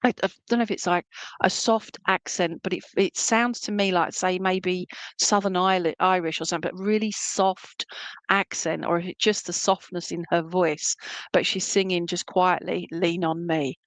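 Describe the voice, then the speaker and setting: Lady medium doing an online reading, lowish voice, dry close sound, chatty and fond, lots of ums. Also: steady tone, moderate pace, no echo. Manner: chatty and affectionate, many fillers. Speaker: spiritualist medium. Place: at home.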